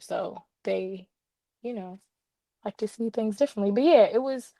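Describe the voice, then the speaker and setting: A young woman who reviews books appears as a guest in a casual interview chat, telling animated stories with laughs and playful asides. Her voice is mid-range, with no echo.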